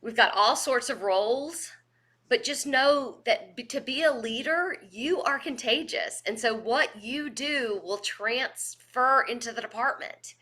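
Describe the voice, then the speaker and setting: Over a video call microphone, a woman with a slightly high voice gives a virtual leadership training, taking her time. She's an energetic, animated storyteller who laughs often as she tells her stories.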